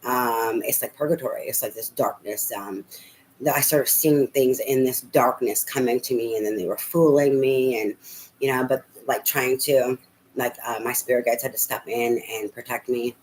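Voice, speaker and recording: A woman's voice: rumbling low, fairly even intonation, moderate pace, a little mellow, slight background noise, rough recording. A middle-aged woman telling a rambling personal story as a tarot reader, full of fillers and casual swearing.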